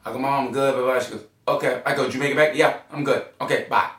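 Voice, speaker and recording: A man's voice: mid-range voice, fast talker, distant mic. A man telling stories in casual chat, swearing freely and acting out quoted voices. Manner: animated storyteller, swears, acts out quoted voices. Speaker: podcast guest. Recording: echoey room, off-mic.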